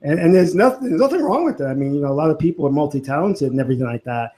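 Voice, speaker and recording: A man's voice: on the high side, lively intonation, very fast, warm tone. A man interviewing a guest casually, asking follow-up questions.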